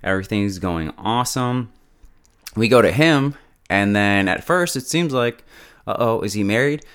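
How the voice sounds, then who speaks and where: A man casually recapping a TV episode beat by beat, chatty and quick to joke and laugh. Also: on the low side, animated, a bit bright, clean tone. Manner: chatty, laughs often, quips. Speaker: show reviewer.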